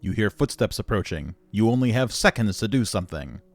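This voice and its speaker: A man's voice: lowish voice, animated, fairly quick, no room sound. A man voicing the sarcastic narrator of a sci-fi adventure game, mocking the player's failures in a wry tone.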